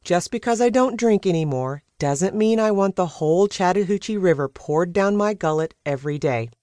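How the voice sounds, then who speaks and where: A woman's voice: fairly low pitch, expressive, moderate pace, mellow, dry recording, clean studio sound, voice pushed up, lightly acted. A woman voicing a blunt, outspoken woman reporter who presses her questions. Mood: insistent. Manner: blunt, insistent.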